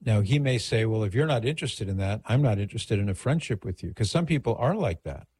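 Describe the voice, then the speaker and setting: A man's voice: on the low side, lively intonation, fast talker, darkish tone, slightly rough. A middle-aged man hosting a radio call-in show, giving advice in a conversational, digressive way.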